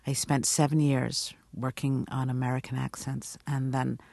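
A middle-aged actress from Guyana with a British accent, speaking thoughtfully in a radio interview. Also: female voice, a bass voice, level tone, normal speed, gravelly, a little mellow, no room sound. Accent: British English.

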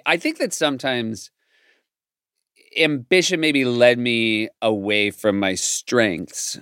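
A man's voice: medium pitch, takes it slowly, fairly bright tone, smooth, no room sound, clean studio sound. A middle-aged man chatting in an interview, rambling and self-deprecating with lots of restarts. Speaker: guest, comedy writer. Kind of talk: casual interview chat.

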